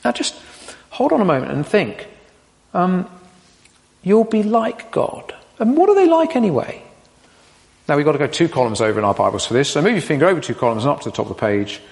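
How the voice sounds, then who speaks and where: Animated, gravelly preacher man. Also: fairly high pitch, fast talker. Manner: animated, rhetorical questions, playful asides. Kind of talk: sermon. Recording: long hall reverb.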